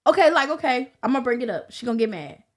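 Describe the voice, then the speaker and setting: A woman with a Southern American accent, a podcast guest telling stories in casual chat, animated and profane. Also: sits high, rapid-fire.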